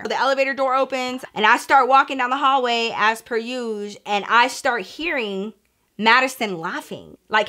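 Woman, storytime vlogger. Bright, higher-pitched, chatty, does the other people's lines herself. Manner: chatty and animated, heavy "like" fillers, swears freely; acts out quoted voices in the story. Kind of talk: casual storytelling to camera.

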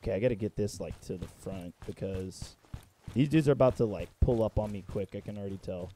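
A young man giving excitable, profane gameplay commentary, breaking into yelps and shouts as he plays. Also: lowish voice, fairly quick, slight background noise. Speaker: gaming content creator.

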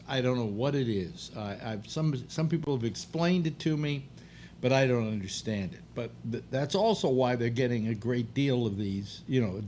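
A man's voice: medium pitch, darkish tone, slight background noise. An older man hosting a talk show, rambling bluntly and grumbling through restarts. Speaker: radio talk show host. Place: apartment.

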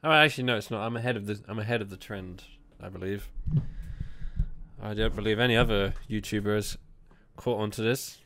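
This gaming YouTuber talks fairly quickly in a fairly low, sharp-toned voice, with a little hiss or hum and game music in the background. Commentating a horror game, he's jumpy, reads the game's text out loud, and laughs and swears in reaction.

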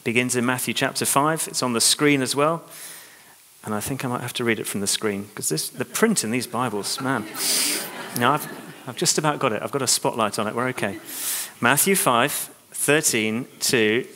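A man preaching a sermon in a church, reading scripture aloud and urging his listeners on with lively emphasis. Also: mid-range voice, moderate pace. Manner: animated, exhorting, reads scripture aloud. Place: large church hall. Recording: long church hall reverb.

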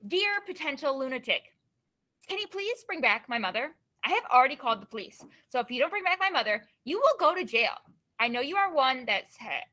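Earnest, pleading girl demanding her mother back; woman reader doing a bright voice. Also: high-pitched, exaggerated voice.

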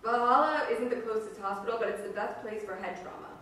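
Brisk ambulance driver, voiced by a woman reader; clipped loud report, distant echoey mic. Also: a little high, slight background noise, natural voice. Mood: urgent. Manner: clipped, loud medical call-in. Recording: echoey room from far off.

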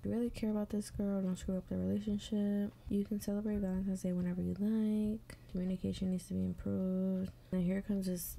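Gravelly, dark-voiced woman ranting bluntly. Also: mid-range voice, little pitch movement, brisk, hardly any pauses, a little hiss or hum. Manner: blunt, profane running commentary; mumbling under her breath at times. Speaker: advice show host. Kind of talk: casual chat reading stories while doing makeup.

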